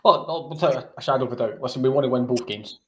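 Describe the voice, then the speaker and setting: A man's voice: medium pitch, fast. A man on a football podcast, talking emphatically and tagging points with "right?". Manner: emphatic, repeats "right?" to press his point. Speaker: podcast guest. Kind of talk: casual football podcast chat. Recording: echoey room with faint noise.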